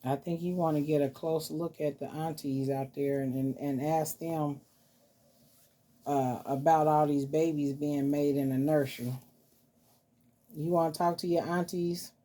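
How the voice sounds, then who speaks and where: A woman hosting a casual vlog, talking softly and playfully to her dolls as if they were children. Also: low-pitched, fairly even intonation, unhurried. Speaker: doll collector vlogger. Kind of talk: casual doll-play vlog.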